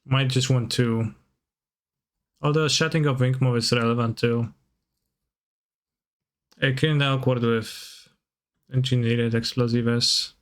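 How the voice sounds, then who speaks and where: A man's voice: medium pitch, fairly even intonation, slow pace, pauses often, fairly bright tone. A man streaming a card game, chatting casually with viewers and breaking into playful, goofy sing-song noises. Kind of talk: casual stream chat over gameplay.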